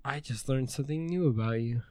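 A man's voice: medium pitch, a little fast, dark tone, dry recording. A man co-hosting a casual podcast chat, rambling and teasing with plenty of swearing. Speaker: podcast co-host.

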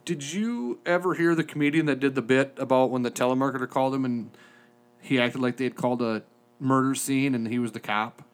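A man co-hosting a podcast in a studio, telling a story with lively back-and-forth, acting out both sides of a phone call. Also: mid-range voice, brisk. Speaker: podcast co-host. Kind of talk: casual chat.

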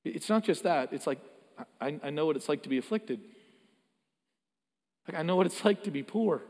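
A man's voice: on the high side, lively intonation, normal speed, darkish tone. A man preaching a sermon, earnest and emphatic, often repeating words as he builds a point. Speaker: pastor. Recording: long hall reverb.

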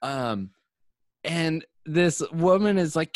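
A man's voice: mid-range voice, lively intonation, a little slow, no echo. A man in casual chat, telling a rambling, profane story full of fillers.

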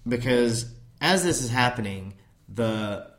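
A man's voice: medium pitch, expressive, slow, a bit bright. Man telling a rambling story. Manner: rambling storyteller who swears casually. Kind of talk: casual conversation, recounting a documentary.

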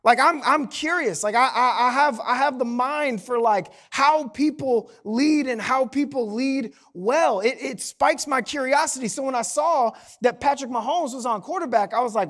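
High-voiced, chatty male preacher. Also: moderate pace, hardly any pauses, fairly bright tone. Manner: conversational and humorous, frequent "right?" tags. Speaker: pastor. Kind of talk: sermon.

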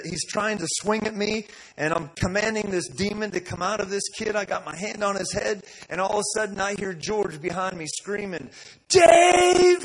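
Husky high-voiced male preacher. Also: rough recording. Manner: energetic preaching, repeats words, rises to loud declarations. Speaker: pastor. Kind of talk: sermon with storytelling. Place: church service.

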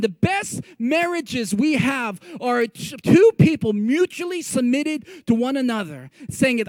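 High-voiced man preaching a lively sermon. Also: no echo. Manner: lively, conversational, prompts the audience to repeat phrases; joking asides to the audience. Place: meeting room with a live audience.

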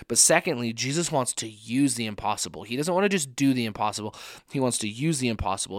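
A man gives an earnest sermon for a young adult podcast, driving points home with repeated rhetorical questions. His voice sits at an ordinary middle pitch. The recording is dry and close, with no room echo. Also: a bit bright. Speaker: young adult ministry speaker.

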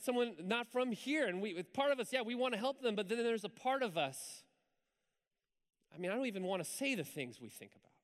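A man preaching a sermon in church, telling a story in a lively, conversational way with asides to the congregation. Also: very high-pitched. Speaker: pastor. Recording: hall reverb.

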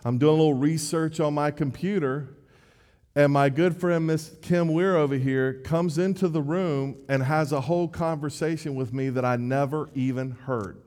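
A man preaching with a slightly high voice, speaking casually and poking fun at himself as he goes, often stopping to restart a phrase. His words carry a long reverb from a large hall. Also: moderate pace, a little mellow. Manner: conversational, self-deprecating, with repeated restarts. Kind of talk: sermon.

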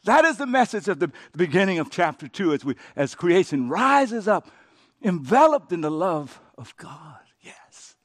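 A male pastor preaching a sermon, swinging from loud emphatic peaks to hushed, intimate passages, and talking straight to listeners and coaxing them to repeat prayers after him. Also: sits high, big pitch swings, normal speed, no echo, clean studio sound.

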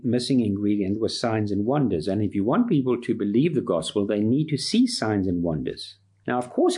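A man's voice: mid-range voice, warm tone, husky. A man preaching a sermon, emphatic, building his points through repeated lists.

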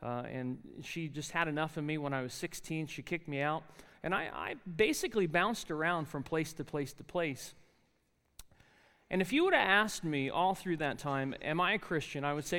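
A man in his forties with a New Jersey accent preaches in a large chapel, and his voice rings out in a long hall reverb. His voice sits a little high and sounds smooth and resonant. He tells his story in a loose, chatty way, full of ums and restarts. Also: expressive, normal speed, sharp tone. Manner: conversational storytelling with frequent fillers and restarts. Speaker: chapel speaker. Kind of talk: sermon with personal testimony.

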